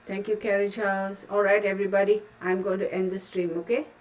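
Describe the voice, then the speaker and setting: A woman's voice: mid-range voice, little pitch movement, a little fast. A woman hosting a livestream and answering viewer comments, calling people sweetheart and getting emotional. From Texas. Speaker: livestream host. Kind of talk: casual livestream chat, reading viewer comments. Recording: distant mic with faint background noise.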